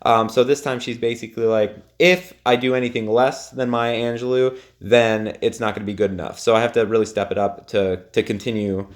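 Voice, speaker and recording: A young man talks through a TV episode recap in a loose, opinionated way. His voice sits at an ordinary middle pitch, and his speech is full of ums and likes as he gives his takes. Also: fairly even intonation, fairly quick, hardly any pauses. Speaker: TV recap reviewer. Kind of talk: casual recap monologue.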